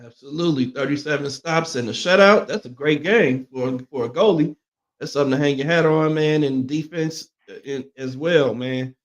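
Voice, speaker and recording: A man's voice: a little high, moderate pace. A man co-hosting a sports talk show in casual chat, easygoing and agreeable, chiming in to back up his partner. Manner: easygoing, agreeable, chimes in with backing remarks.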